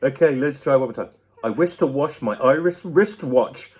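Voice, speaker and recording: A man's voice: medium pitch, expressive, moderate pace, darkish tone. A young man, host of his own channel, answering viewer questions in a playful, laugh-filled chat at home into a laptop mic. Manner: playful, laughs often, chats to a baby.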